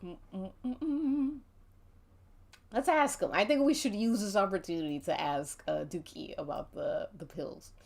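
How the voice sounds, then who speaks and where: A woman's voice: mid-range voice, unhurried, gravelly, darkish tone. A woman narrating a murder mystery tabletop game on a stream, giggling playfully as she runs the scene. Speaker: game master.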